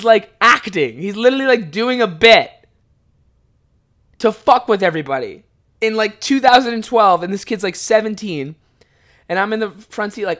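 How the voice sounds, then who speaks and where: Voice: medium pitch, brisk, fairly bright tone. A podcast host in their twenties, telling a long rambling story in a casual, swear-heavy way, often breaking into laughs. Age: 20s.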